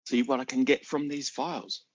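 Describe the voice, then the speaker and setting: A man's voice: mid-range voice, flat delivery, normal speed, husky, dry recording, lo-fi sound. A man playing a tabletop game over an online call, matter-of-fact and methodical. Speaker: player.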